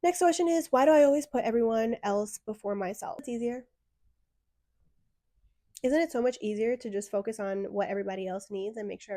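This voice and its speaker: A woman's voice: medium pitch, warm tone, no echo, clean studio sound. A young woman answering viewer questions about self-worth in a blunt, frank advice talk with sassy asides. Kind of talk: direct-to-camera advice talk.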